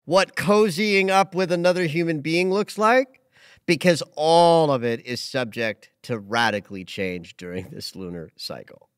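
A man hosting a casual astrology chat, emotional and animated, often restarting his sentences. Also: on the high side, a little slow, clean tone, no echo, studio quality. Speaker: astrologer host.

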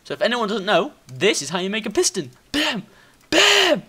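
A man talks his way through a video game, muttering plans to himself and swearing when things go wrong. He keeps an unhurried pace, then jumps up into bright, squealing bursts of excitement. His voice is lively, swinging widely in pitch, and slightly high. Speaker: gaming video host. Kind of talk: casual gameplay commentary.

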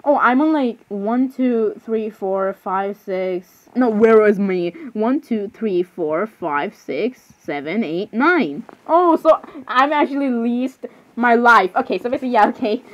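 Giggly high-voiced girl rambling. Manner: rambling, giggly, self-interrupting with frequent apologies. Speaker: fan reading creepypasta zodiac lists. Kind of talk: casual reaction commentary. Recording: slightly muffled, faint background hiss.

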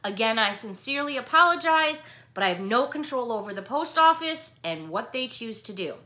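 A woman's voice: a little high, big pitch swings, normal speed, bright, forceful tone. A middle-aged woman vlogging casually, effusively thanking viewers for cards between bursts of frustration. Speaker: YouTube vlogger. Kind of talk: casual chat showing mail to viewers.

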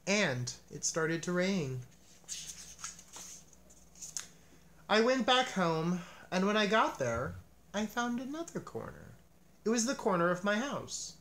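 A man voicing Frog, a friendly and cheerful male frog in a children's storybook, with a lively, eager delivery. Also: sits high, unhurried, slight background noise, voice pushed up, heavily acted.

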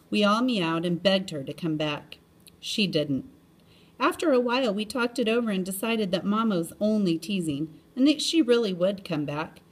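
A woman reads aloud from a children's chapter book, telling it with lots of expression and frequently raising her pitch.

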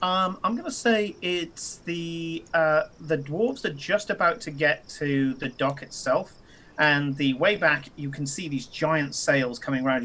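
Give me a man narrating as game master, halting and chuckling, a bit high. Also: pushed and bright. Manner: halting, lots of fillers, chuckles through narration.

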